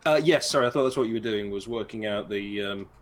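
A man's voice: fairly low pitch, fast talker. A man running a tabletop game as game master, talking in a hesitant, dry and wordy way.

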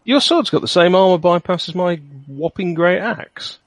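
A man's voice: sits high, normal speed, no echo, clean studio sound. A man playing a tabletop game, joking and chatty with the table. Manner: lively and joking. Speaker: player.

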